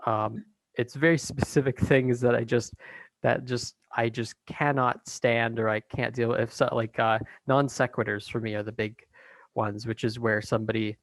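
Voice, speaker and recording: A man talking as a guest in a casual conversation, hesitant with many pauses and restarts. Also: medium pitch, flat delivery, dry recording, low-quality recording.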